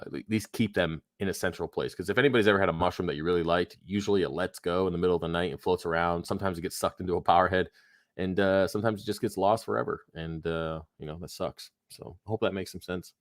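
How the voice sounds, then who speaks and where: A man's voice: sits low, steady tone, fairly quick, no room sound, studio quality. A man hosting a live aquarium Q&A stream, tired and phlegmy, rambling casually with lots of fillers and swearing. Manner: laid-back, rambling, swears freely, many fillers. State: tired, yawning, phlegmy throat. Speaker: aquarium livestream host. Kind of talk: casual live Q&A, reading chat questions.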